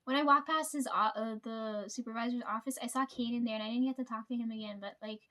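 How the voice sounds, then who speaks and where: A woman's voice: a little high, fairly even intonation, fast, fairly bright tone. Chatty, foul-mouthed woman telling stories. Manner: chatty, swears a lot, frequent fillers and laughs. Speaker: vlogger telling work stories. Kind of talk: casual storytime chat.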